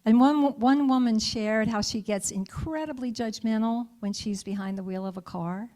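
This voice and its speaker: A woman's voice: fairly high pitch, normal speed, mellow. A middle-aged woman minister giving a conversational sermon, telling a story and asking her congregation for their thoughts. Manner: storytelling, interacts with congregation, frequent laughter. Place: church sanctuary.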